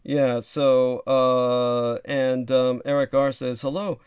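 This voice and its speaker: A man's voice: medium pitch, little pitch movement, slow, darkish tone, slight background noise. A man hosting a casual livestream chat, rambling with lots of fillers and asides. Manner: rambling with many fillers and laughs. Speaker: livestream host.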